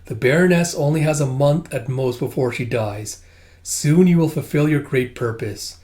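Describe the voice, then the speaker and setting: A man reading a comic aloud, voicing an ancient snake creature in a calm, matter-of-fact tone. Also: mid-range voice, normal speed, lightly acted. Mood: cold.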